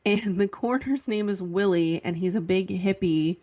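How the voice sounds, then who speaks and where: A woman's voice: mid-range voice, normal speed, mellow. A woman co-hosting a podcast, recapping scenes in casual chat and laughing often. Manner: giggly, recapping. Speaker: podcast co-host.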